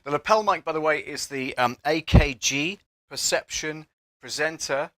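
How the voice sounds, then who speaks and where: A man's voice: on the high side, moderate pace, pushed and bright, no room sound. A man hosting a casual live stream from his apartment studio, a little out of breath, rambling with many fillers, recorded on a lapel mic. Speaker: host of an audio production channel. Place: apartment home studio, indoors.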